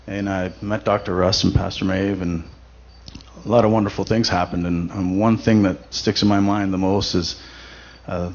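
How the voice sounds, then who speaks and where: Man, lower register, conversational church testimony with lots of restarts; dull lo-fi recording with faint noise. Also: flat delivery, normal speed. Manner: conversational, many fillers and restarts. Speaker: testimony speaker at a church event. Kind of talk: personal testimony.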